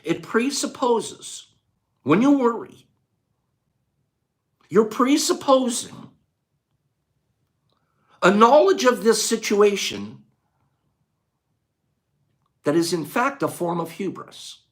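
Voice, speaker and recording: An older man hosting a casual talk on a quote, moving between quiet musing and loud rhetorical outbursts in a folksy way. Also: high voice, very animated, slow, pauses often. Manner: folksy, says gosh darn and dude. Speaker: host.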